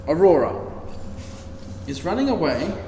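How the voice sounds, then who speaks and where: A man's voice: on the high side, big pitch swings, a little slow, warm tone. A man hosting a livestream craft workshop, telling a playful story with toys, in an echoey hall with a distant mic and background hiss. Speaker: workshop host.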